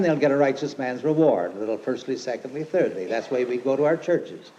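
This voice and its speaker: An older man delivers a rambling, folksy sermon in a mellow, relaxed voice. He leans hard into scripture quotations with emphasis. The old archive recording sounds dull and lo-fi with a faint hiss behind it. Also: medium pitch, fairly quick, hardly any pauses. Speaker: lay preacher and teacher. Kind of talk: informal sermon.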